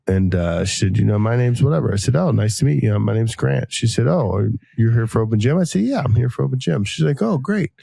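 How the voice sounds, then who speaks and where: A man in his thirties hosting a podcast, telling a long casual story and acting out each quoted voice with sudden jumps in pitch. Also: lively intonation, fast, vocal fry, hardly any pauses, warm tone, husky, dry recording. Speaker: podcast host.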